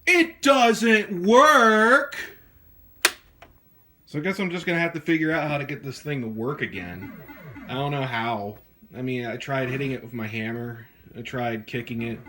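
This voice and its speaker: A young man ranting in a satirical vlog, mock-outraged, swinging between low mumbles and shouting. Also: normal speed. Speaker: YouTuber. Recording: music playing underneath.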